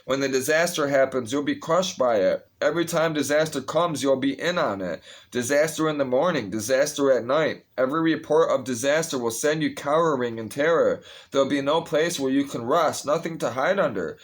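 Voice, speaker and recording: A man's voice: medium pitch, brisk. A blunt, swearing man reading scripture. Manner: profane, blunt asides between readings; restless, interrupts himself and restarts phrases. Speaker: Bible reader. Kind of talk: casual scripture reading with commentary.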